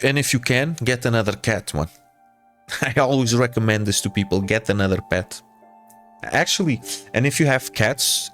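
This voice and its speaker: This man's voice is mid-range with a fairly bright tone. A game streamer with a Portuguese accent and Portuguese as his native tongue, he talks casually with viewers, repeats himself, and addresses people as brother.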